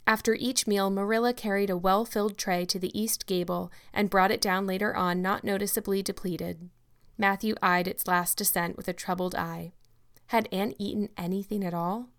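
A woman reads a classic novel aloud in a steady, measured narration. Her pitch sits in the middle range for a woman. The delivery is even and unhurried. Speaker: audiobook narrator. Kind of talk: scripted narration.

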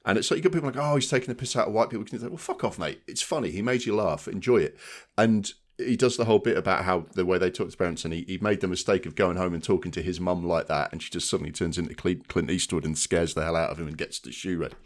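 A man with a deep, low-pitched voice talks casually as a podcast co-host. He rambles a little and keeps checking in with his listener. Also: fast talker. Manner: chatty, frequent "do you know what I mean". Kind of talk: casual chat.

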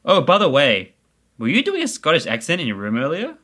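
An actor playing a dry, teasing young neighbor from Adelaide in an audio drama. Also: male voice, on the high side, wildly swooping pitch, brisk, bright, forceful tone, heavily acted. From Adelaide, Australia.

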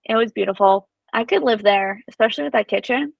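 A woman's voice: a little high, brisk, gravelly, no echo, lo-fi sound. A woman co-hosting a podcast, chatting casually and daydreaming aloud. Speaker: podcast co-host. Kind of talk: casual chat.

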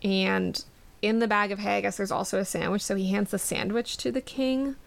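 A woman's voice: medium pitch, steady tone, moderate pace, gravelly. A woman hosting a podcast, chatting casually about a book, laughing easily and reading passages aloud. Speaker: podcast host. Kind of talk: casual book discussion chat.

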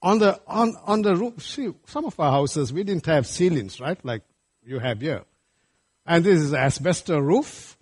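A man's voice: high-pitched, breathy edge. A man from Sri Lanka, preaching a sermon to a church congregation and often checking in with them with "right?" and "friends". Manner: animated, often asks listeners "right?" and calls them friends.

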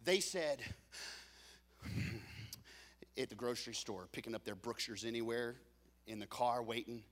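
A man preaching a sermon as pastor, telling the story with joking asides and swinging from loud peaks to hushed lows. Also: unhurried, pauses often, big-room sound.

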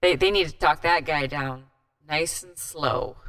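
A woman's voice: deep voice, a little slow, fairly bright tone. A woman co-hosting a podcast in casual chat, talking freely with lots of "like". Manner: chatty, lots of "like". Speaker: podcast co-host.

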